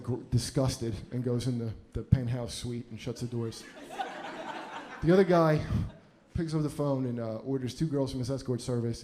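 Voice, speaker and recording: A man's voice: mid-range voice, mellow, slight background noise. A male comedian and podcast host telling a rambling, profane personal story in casual chat, often laughing as he goes.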